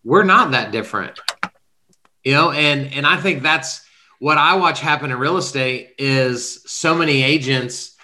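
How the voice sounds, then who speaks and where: A man's voice: fairly high pitch, measured pace, pushed and bright. A man hosting a casual podcast interview, speaking conversationally with many fillers and encouraging his guest. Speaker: podcast host.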